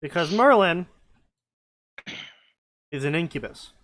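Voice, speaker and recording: A man with a slightly high, slightly bright voice speaks slowly with lively intonation. As a co-host reading fanfiction, he jokes and rambles through comedic commentary with friends, slipping into goofy voices.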